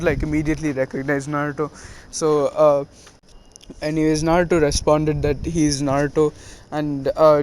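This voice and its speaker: A man's voice: fairly high pitch, darkish tone, slight background noise, poor audio. A man casually retelling a fan story, rambling with many fillers. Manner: rambling, full of "uh" and "was like".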